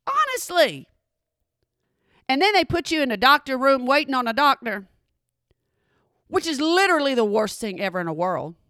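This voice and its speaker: Bright, animated woman telling a story. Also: high-pitched, clear, resonant tone, no room sound, studio quality. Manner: animated, exasperated, talks straight to listeners. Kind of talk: comedic storytelling monologue.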